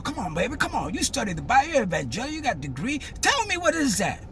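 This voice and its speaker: An impassioned man delivers social commentary like a preacher, hammering each point through repetition. His voice sits high and swings widely, emphatic and animated. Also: fast, a little hiss or hum.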